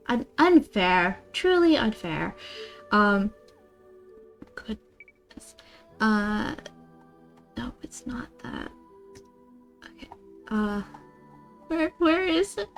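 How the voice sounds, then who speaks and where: A woman's voice: a little high, very animated, extremely slow, vocal fry, long pauses, soft background music. A woman streaming a game, chatting casually with her viewers in a playfully dramatic way, sometimes dropping into a half-whisper. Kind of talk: casual live-stream chat while gaming.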